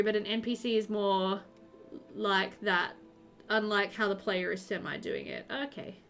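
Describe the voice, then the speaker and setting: A woman's voice: medium pitch, a bit bright. A woman chatting casually with her live-stream viewers while playing, full of ums and likes. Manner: chatty, filler-heavy, answers chat while playing. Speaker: game streamer.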